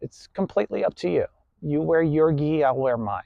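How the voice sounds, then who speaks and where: A man's voice: a little high, lively intonation, normal speed, creaky, warm tone, dry recording, highs cut off. A man lecturing a class in a blunt, preachy way, swearing freely and tagging points with "right?". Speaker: class instructor. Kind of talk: lecturing monologue.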